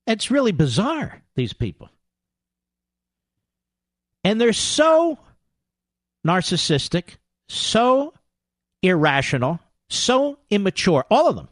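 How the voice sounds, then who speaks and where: A sarcastic male radio host with a high voice that swings up and down as he rants. He sounds dry and close to the mic, scoffing and combative throughout. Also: huge pitch swings, slow pace, long pauses, no echo. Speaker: radio talk show host. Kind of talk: political talk radio monologue.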